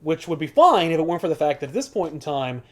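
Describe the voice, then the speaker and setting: A man casually recapping a comic book plot on a podcast, animated and sweary, full of filler words. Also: on the high side, quick pace. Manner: animated storyteller, swears freely, many filler "likes". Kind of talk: casual chat.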